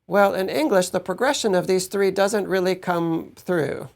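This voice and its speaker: A man giving a measured Bible teaching to his congregation, often checking in with "right?". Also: sits high, gravelly. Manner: explanatory, measured, asks "right?" to listeners.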